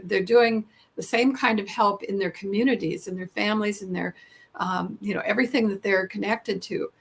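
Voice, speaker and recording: A woman nurse hosts a podcast interview in an earnest, casual way. Her voice has a gravelly fry and sits at a middle pitch. She often pauses and restarts mid-sentence. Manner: earnest, many fillers and restarts.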